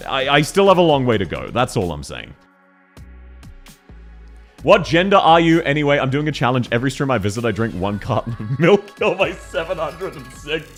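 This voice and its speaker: A man chatting casually on a livestream, excitable and quick to laugh, talking fast and loud when worked up. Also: medium pitch, faint music behind. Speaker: streamer.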